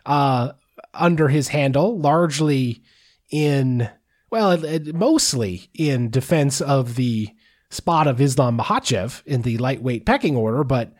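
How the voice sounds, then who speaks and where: A man's voice: mid-range voice, lively intonation, a little slow, darkish tone. A man co-hosting a sports podcast, chatting casually and joking, with frequent restarts. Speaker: podcast co-host.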